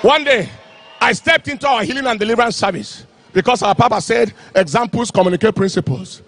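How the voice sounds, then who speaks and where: A man preaching an impassioned sermon, telling a story and shouting out phrases. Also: sits high, lively intonation, fairly quick.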